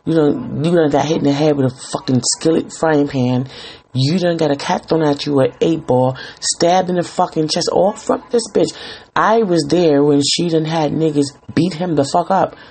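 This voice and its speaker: A man with a gravelly, somewhat high voice rants casually as a podcast host. His talk rambles and is full of swearing, and he sounds exasperated as he tells his story. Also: normal speed, darkish tone.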